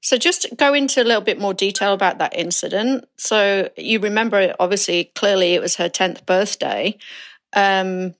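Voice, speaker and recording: A woman co-hosting a podcast, an ex-police officer, asking probing and teasing questions in a relaxed conversation. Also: medium pitch, moderate pace. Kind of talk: conversational interview.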